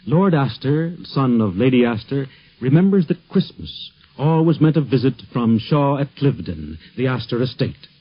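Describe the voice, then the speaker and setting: Husky man announcing formal links. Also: medium pitch, sing-song, moderate pace. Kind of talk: scripted narration. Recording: lo-fi 1950s radio recording.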